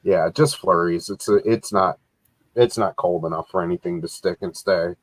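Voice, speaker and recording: A man's voice: deep voice, moderate pace, no room sound, poor audio. A man co-hosting a casual live-stream chat, telling everyday stories in an easygoing way. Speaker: co-host.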